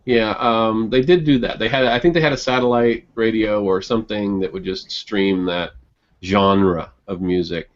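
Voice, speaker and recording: A man chatting casually in an online group hangout, rambling with many restarts and quick chuckles. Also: fairly low pitch, fairly even intonation. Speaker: online hangout participant and blogger. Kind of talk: casual group video chat. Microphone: computer mic on a video call. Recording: muffled lo-fi call audio.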